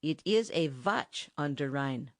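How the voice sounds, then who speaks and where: A woman with a deep voice performs an audiobook character: a stubborn, sarcastic German band musician speaking broken English in a heavy German accent. Her delivery is slow and expressive, recorded dry with no echo.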